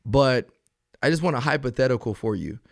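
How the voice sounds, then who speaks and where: A man's voice: mid-range voice, lively intonation, brisk, gravelly, no room sound, clean studio sound. A man hosting an interview, a police officer himself, earnest and encouraging, asking long reflective questions. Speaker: podcast host and police officer.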